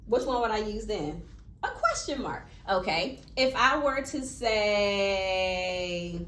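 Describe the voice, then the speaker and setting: A woman's voice: medium pitch, expressive, takes it slowly, fairly bright tone. A woman teacher giving a one-on-one classroom lesson, asking patient questions with playful emphasis. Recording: echoey classroom.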